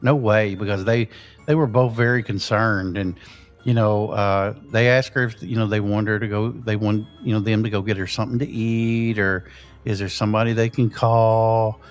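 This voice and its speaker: A man's voice: lowish voice, fairly even intonation, normal speed, soft background music. A man, the show's host, casually telling a ghost story in a rambling way with lots of fillers. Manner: rambling, full of "you know" fillers.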